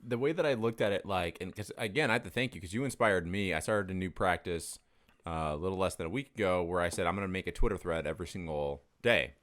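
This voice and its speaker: A man's voice: sits low, fast. A man telling stories in a casual conversation, with frequent fillers and free swearing. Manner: animated storyteller, swears freely, many fillers.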